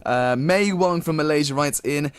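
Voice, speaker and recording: A man's voice: a little high, moderate pace, clean tone, no echo, clean studio sound. A young British man as a radio DJ, reading listener messages in a polite, casual way with many fillers. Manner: polite, filler-heavy, many thank-yous.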